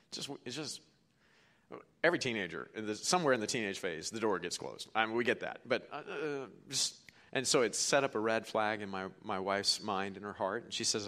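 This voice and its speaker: A middle-aged man preaching a sermon as pastor, telling stories and swinging from hushed to forceful. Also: on the low side, brisk. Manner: storytelling, quoting others, swings from hushed to forceful.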